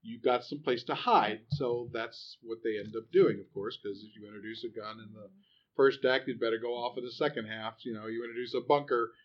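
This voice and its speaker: A man's voice: mid-range voice, fairly quick. Guy chatting about a movie, rambles and restarts a lot, kinda muffled lo-fi audio. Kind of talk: casual movie review chat. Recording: dull lo-fi recording.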